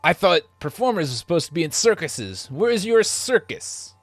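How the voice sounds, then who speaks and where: A man voicing a blunt, suspicious male caravan leader in a tabletop game, who yells and questions sharply. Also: sits high, sing-song, normal speed, no room sound, voice pushed up.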